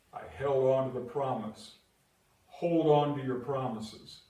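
A man's voice: medium pitch, unhurried, warm tone. Older male pastor, echoey distant church sound. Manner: earnest storytelling, building to emphatic repetition. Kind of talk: sermon. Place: church sanctuary. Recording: echoey church hall from far off.

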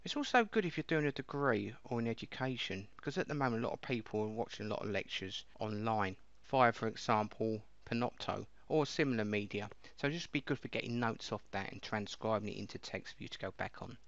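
A man casually walking viewers through a piece of software step by step, in a chatty explaining way. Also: fairly low pitch, a little fast, hardly any pauses, no room sound. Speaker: software reviewer. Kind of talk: casual screen-recording walkthrough. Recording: dull lo-fi dry mic.

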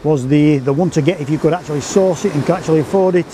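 A man's voice: on the high side, fast, background noise. A man, an enthusiastic photography vlogger chatting about a favourite old camera outdoors. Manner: enthusiastic, chatty, reads notes verbatim. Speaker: photography YouTuber. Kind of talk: casual camera review vlog. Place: outdoors by the coast.

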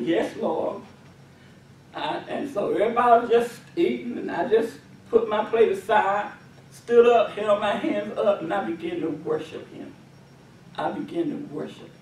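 A woman's voice: mid-range voice, darkish tone, recorded from a distance, slight background noise. Fervent woman preaching in an echoey hall. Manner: fervent, repetitive commanding cries. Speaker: deliverance minister. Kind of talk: testimony and deliverance prayer.

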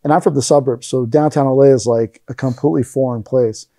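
Man telling stories in a warm, dry voice. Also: mid-range voice, fairly even intonation, fast, dry recording. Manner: rambling anecdotes, acts out quoted lines. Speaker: interview guest, aikido teacher. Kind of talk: casual storytelling interview.

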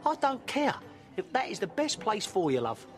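A man's voice: sits high, wildly swooping pitch, normal speed, music in the background. An actor playing a sarcastic middle-aged husband and father with a cutting manner. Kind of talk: TV soap drama acting.

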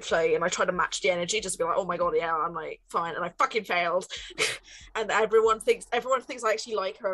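A woman voicing an anxious, flustered teenage schoolgirl in a tabletop role-play, repeating herself in panicky rushes. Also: mid-range voice, fairly bright tone, lightly acted, rough recording.

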